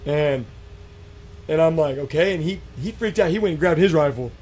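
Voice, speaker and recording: A man telling a spooky encounter story in a casual, animated way, acting out quotes with many fillers and restarts. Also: on the high side, normal speed. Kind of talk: casual storytelling on a radio show.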